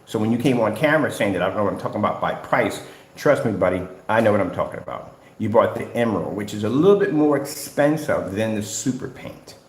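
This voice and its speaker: A business owner rants at his rivals on a livestream, lecturing them confrontationally and repeating "at the end of the day." His voice is lowish, animated, and fast. The room gives off a noticeable echo.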